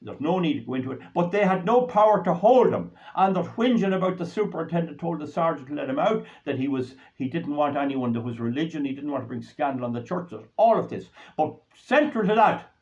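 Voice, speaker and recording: An older Irish man speaks straight to his viewers in a fairly high voice. He is indignant and hammers his points home by repeating them. The recording is dull and lo-fi. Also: expressive, brisk, hardly any pauses, a little mellow. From Ireland. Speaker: political commentator. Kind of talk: solo monologue to camera.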